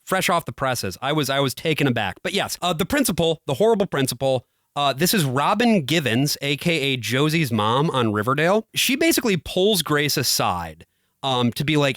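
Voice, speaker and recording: A man chats emphatically as a podcast co-host. His pitch sits a little high and swings a lot. The sound is close and dry. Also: normal speed, no room sound. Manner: animated, emphatic, repeats agreements. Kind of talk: casual chat about a film.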